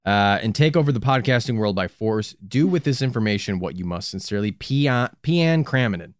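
A man's voice: fairly low pitch, brisk, no echo, clean studio sound. A man co-hosting a comedy podcast, riffing and laughing through improvised banter. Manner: laughing, animated, jokey. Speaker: podcast co-host.

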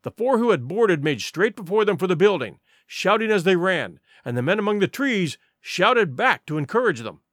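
A man's voice: sits high, sing-song, normal speed, few pauses, fairly bright tone, dry recording, studio quality. A man narrating an adventure audiobook in a vivid, dramatic storytelling manner.

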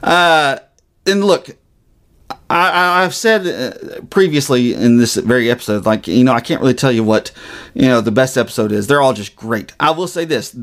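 A man talks through a TV episode on his podcast. He rambles along with a middling voice, stopping to restart his thoughts and filling the gaps with "uh" and "like.". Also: medium pitch. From Southern US. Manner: rambling, halting with many fillers. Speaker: podcast co-host. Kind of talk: casual TV recap chat.

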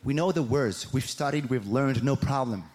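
A man with a French accent, a native French speaker, performing an animated, playful, self-mocking stand-up routine on a comedy stage. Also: medium pitch, normal speed. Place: comedy stage before a live audience. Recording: live show with audience noise.

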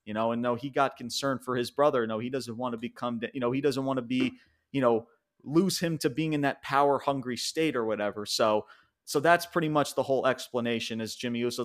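A man co-hosting a podcast, recapping a wrestling show in an excited, rambling way with restarts and casual swearing. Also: medium pitch, brisk. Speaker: podcast co-host.

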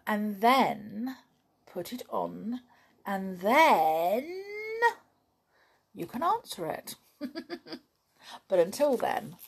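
A woman's voice: medium pitch, vocal fry, breathy edge. A woman reading a children's story and chatting playfully with young listeners.

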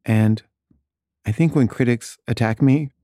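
A man's voice: medium pitch, measured pace, dark tone, dry recording, clean studio sound. A man telling a casual, self-mocking anecdote in a chatty way. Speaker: storyteller.

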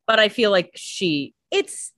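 A woman's voice: medium pitch, big pitch swings, slow, a bit bright, no room sound. A woman co-hosting a podcast, recapping a TV episode in casual, chatty talk full of "like" and the odd swear. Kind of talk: casual chat.

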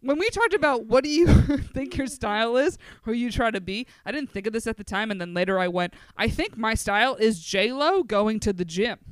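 Brief: New woman, podcast co-host, lively swooping delivery, smooth clear voice, cursing and self-mocking. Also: on the high side, fairly quick, hardly any pauses, no echo. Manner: animated, profane, self-mocking storytelling. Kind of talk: casual storytelling chat.

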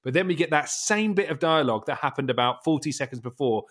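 A man's voice: a little high, expressive, fast talker, a bit bright. A man co-hosting a podcast, recounting film scenes in casual chat and laughing often. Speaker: podcast co-host.

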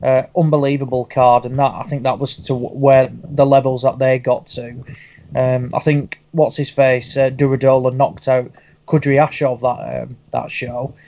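A man's voice: mid-range voice, little pitch movement, normal speed, creaky, mellow, muffled recording. A man on a boxing podcast panel, talking hesitantly with lots of ums and uhs. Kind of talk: casual boxing chat.

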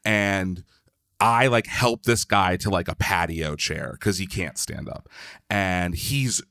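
A podcast guest from Philadelphia tells a long story loosely and chattily, full of "like" and the odd swear word. He speaks slowly in a deep voice with a sharp tone, and the recording is dry and clean, studio quality.

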